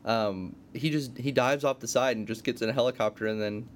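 Agreeable man, mid-pitched voice. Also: steady tone, a little fast. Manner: agreeable, backchannels often. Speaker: podcast co-host. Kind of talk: casual movie discussion. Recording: faint background noise.

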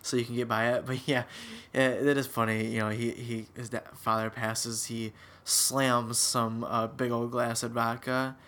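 Bright-toned man in a jokey movie chat. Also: medium pitch, little pitch movement, a little slow, few pauses. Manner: jokey, hesitant, many fillers. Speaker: podcast co-host. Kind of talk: casual movie recap chat.

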